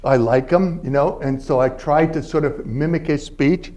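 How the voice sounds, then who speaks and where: Older man, eighties, Philadelphia-raised guest linguist; casual storytelling lecture, a touch high-voiced, keeps asking "all right?". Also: fairly even intonation, moderate pace, a little mellow. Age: 80s. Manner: conversational storytelling, frequent "all right?" check-ins. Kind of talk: university lecture. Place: university library event space.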